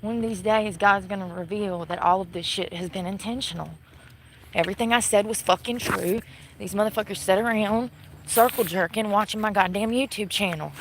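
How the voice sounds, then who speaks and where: A woman's voice: medium pitch, a little fast, a little hiss or hum, rough recording. A woman livestreaming outdoors at night from her phone, bitter and swearing constantly as she rants. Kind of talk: angry profane ranting livestream. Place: outdoors at night near a shopping center. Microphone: phone camera.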